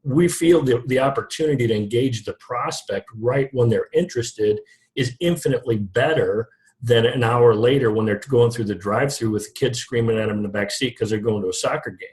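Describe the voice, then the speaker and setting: A man's voice: medium pitch, fairly quick, a little mellow. A middle-aged man talking shop as an interview guest. He keeps it loose and conversational, restarts his sentences often, and laughs at his own jokes. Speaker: guest, lead generation company founder. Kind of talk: casual interview talk.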